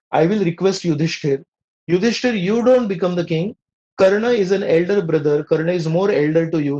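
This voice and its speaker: A man's voice: sits high, a little mellow, muffled recording. A man with an Indian accent voicing a royal mother earnestly pleading with her son, in a story told during a lecture.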